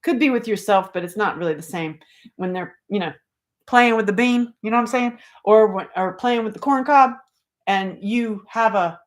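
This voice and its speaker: A woman comedian spins a personal tale with lots of energy, her voice shooting up into loud, excited outbursts and then dropping to hushed asides. She curses freely and laughs often as she talks, with a mid-range pitch. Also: normal speed. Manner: swings between loud exclamations and hushed asides, swearing; laughs often while telling a story. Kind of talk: animated storytelling.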